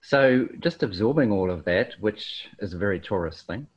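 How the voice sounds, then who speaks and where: A man from New Zealand speaking on a panel over a video call, explaining ideas thoughtfully with many pauses and ums. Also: lowish voice, lively intonation, husky. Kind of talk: slow reflective explanation. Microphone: video call mic. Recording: dull lo-fi video call audio.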